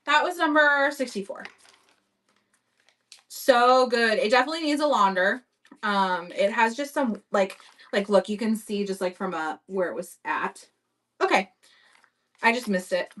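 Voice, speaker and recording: A woman's voice: a little high, lively intonation, a little slow, long pauses, fairly bright tone, distant mic. A woman hosting a casual live-stream auction, chatting upbeat as she describes vintage items for buyers. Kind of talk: casual live-selling chat.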